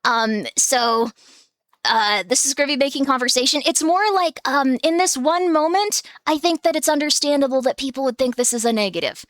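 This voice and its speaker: A woman's voice: sits high, normal speed, a bit bright, dry recording, clean studio sound. A woman streamer chatting casually from home, rambling with lots of filler words and small laughs. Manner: giggly, breaks into small laughs. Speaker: streamer host. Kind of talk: casual live-stream chat. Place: home room with her cats.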